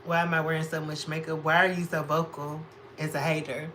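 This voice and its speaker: This fast talker barely pauses while doing drag makeup on a casual stream, sassily answering the chat. He's a Chicago man with a rather high, animated voice, captured in low-quality audio with slight hiss or hum.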